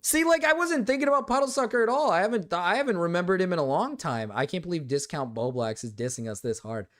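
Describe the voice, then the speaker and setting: A man streaming live, chatting casually with his viewers, animated and swearing freely while repeating himself. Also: sits high, quick pace. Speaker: streamer reacting to chat. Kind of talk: casual livestream chat.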